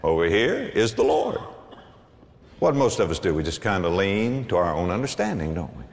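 A man preaching a sermon to a congregation, animated, with big swings and emphatic bursts. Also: deep voice, normal speed, creaky, long reverb tail. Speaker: pastor.

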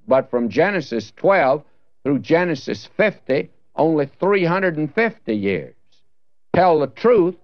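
An earnest man preaching a Bible sermon, talking straight to the listener in a folksy way and posing rhetorical questions. His voice sits at a middle pitch. The recording is dry and somewhat dull, with the top end muffled. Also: dry recording. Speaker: Bible teacher.

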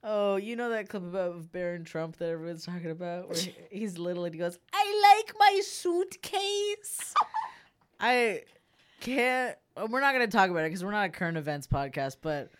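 A woman's voice: on the low side, fast, clear, resonant tone. A woman hosting a podcast in casual, rambling chat, often laughing. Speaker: podcast host.

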